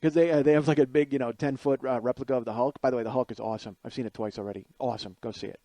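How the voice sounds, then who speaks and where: A man's voice: mid-range voice, steady tone, very fast, mellow, dry recording. A man in his forties, a podcast host, telling a comic personal story in a profane, rambling, self-deprecating monologue. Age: 40s.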